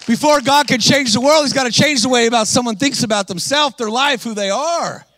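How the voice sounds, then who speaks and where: Man, preacher, high voice, animated, exhorting, dry close sound. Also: brisk, no room sound. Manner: animated, exhorting, calls to the crowd. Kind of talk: energetic sermon.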